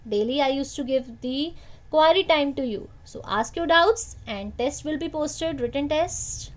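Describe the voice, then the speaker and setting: A woman teaches grammar to children in an online lesson. She speaks slowly in a high voice. She repeats each point and turns it back to the class as a question. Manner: slow, repetitive teacher talk with questions to the class.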